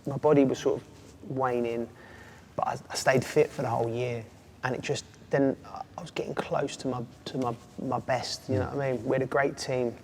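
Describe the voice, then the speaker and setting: A man, a former footballer telling animated stories as an interview guest. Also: mid-range voice, moderate pace. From England. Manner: animated storyteller, does voices and laughs. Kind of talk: casual chat. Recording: long reverb, faint ambient noise.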